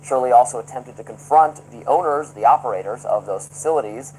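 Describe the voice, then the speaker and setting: A man reading a scripted news report in an even newsreader delivery. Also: mid-range voice, a little fast, slight background noise, poor audio.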